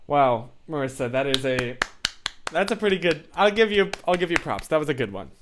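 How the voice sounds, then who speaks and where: A man's voice: on the high side, big pitch swings, brisk, noisy background. Rambling young man chatting on a livestream. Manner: rambling, full of tangents and fillers. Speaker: livestream host. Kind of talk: casual livestream chat reading viewer comments.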